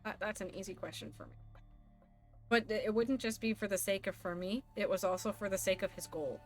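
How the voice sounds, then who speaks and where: A young woman streaming a game live, chatty and animated with sudden squeals. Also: medium pitch, fairly quick, faint music behind. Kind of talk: live gameplay commentary.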